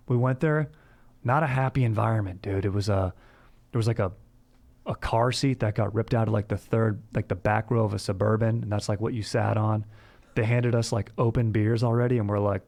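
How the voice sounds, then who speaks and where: A man's voice: on the low side, steady tone, a little fast, a little mellow. A young man spins a long, loose story as a podcast host. His delivery is casual and rambling. He leans on "dude" and "like" from one sentence to the next. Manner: rambling and laid-back, saying "dude" constantly.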